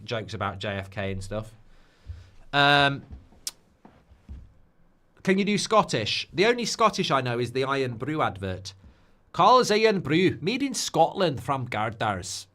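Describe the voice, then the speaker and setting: A man chats loosely on a live football watchalong. He is jokey and easygoing, reading viewers' comments aloud and riffing on them between thoughts. His voice sits at an ordinary middle pitch. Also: expressive, moderate pace, pushed and bright. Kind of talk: casual live-stream chat.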